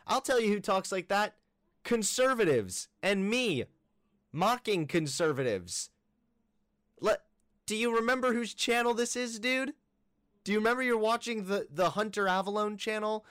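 A man's voice: high-pitched, expressive, moderate pace, a bit bright, clean tone, dry recording, studio quality. A man hosting a reaction video, mocking the clips he plays with sarcastic asides. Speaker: YouTube commentator.

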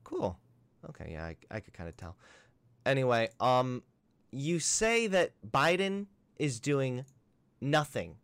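Sarcastic young man, lively dry voice. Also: medium pitch, takes it slowly, clean tone, no room sound. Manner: sarcastic, combative, animated. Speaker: commentary streamer. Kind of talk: reaction commentary and phone debate.

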